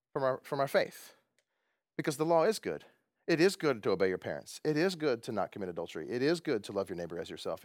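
A man's voice: medium pitch, no room sound, studio quality. A man preaching a conversational sermon who chuckles often and asks his listeners questions. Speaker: pastor.

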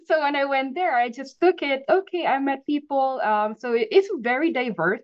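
A woman from the Philippines, a podcast guest telling her story in a casual interview, animated and quick to laugh, often restarting her sentences. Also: high voice, no echo, lo-fi sound.

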